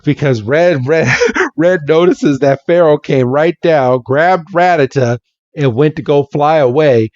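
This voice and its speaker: A man's voice: a little high, a little slow, a little mellow, no echo, lo-fi sound. A man hosting a podcast and retelling a comic chapter in a chatty, casual way. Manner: chatty, laughing storyteller. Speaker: podcast host.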